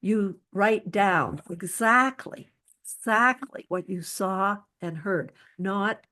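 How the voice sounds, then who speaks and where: A woman's voice: medium pitch, slow pace, bright, forceful tone. A woman speaker giving earnest, practical advice on psychological safety, often restarting her sentences.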